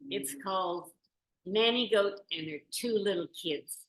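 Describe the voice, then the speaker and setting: Expressive woman telling a folk tale. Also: medium pitch, measured pace, a little hiss or hum. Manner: lively, expressive, asks the audience questions. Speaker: storyteller. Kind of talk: oral storytelling of a folk tale. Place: meeting room in a community venue. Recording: roomy meeting-room recording.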